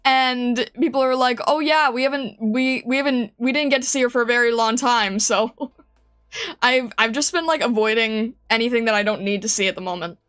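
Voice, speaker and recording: A woman's voice: a little high, moderate pace, fairly bright tone, smooth. Giggly streamer woman chatting to viewers. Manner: giggly, rambling, restarts, chats to viewers. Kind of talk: casual live-stream chat.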